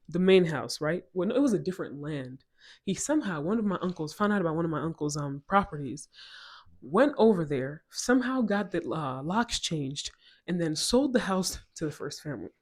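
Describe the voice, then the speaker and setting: A woman from Ghana telling a personal story in a casual vlog, animated and emphatic, often going off on tangents. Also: on the low side, normal speed. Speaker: vlogger.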